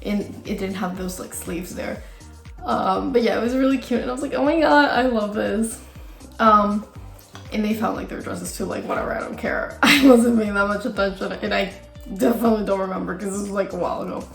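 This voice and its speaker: Young woman vlogger, casual storytime, creaky gravelly edge, filler-heavy gossip delivery, roomy echo with faint music underneath. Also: mid-range voice, fast. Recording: echoey room with faint music.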